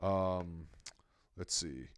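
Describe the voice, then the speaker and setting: A man's voice: deep voice, very slow, no room sound. A man co-hosting a podcast in casual chat, blunt and swearing freely. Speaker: podcast co-host.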